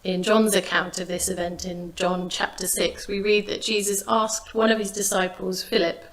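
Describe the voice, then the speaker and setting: A woman delivers a sermon in a calm, measured way, retelling a Bible passage. She reads the quoted lines with expression. Her voice sits at an ordinary middle pitch. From England. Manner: measured, expressive reading of scripture. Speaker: preacher.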